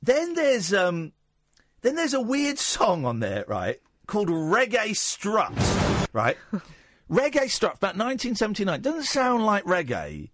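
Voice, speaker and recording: A man hosting a late-night radio show, chatting in a rambling, self-mocking way that slips into a squeaky put-on voice. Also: big pitch swings, unhurried, fairly bright tone.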